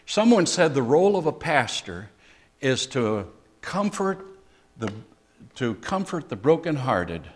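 An older man preaching a sermon as a pastor, conversational, with dry humor and pauses. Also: medium pitch, sing-song.

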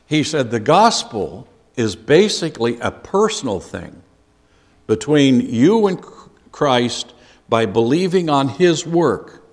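A man's voice: medium pitch, big pitch swings, takes it slowly. A man leading a Bible study lesson, earnest and given to repeating key phrases for emphasis. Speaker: Bible teacher. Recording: long reverb of a large hall.

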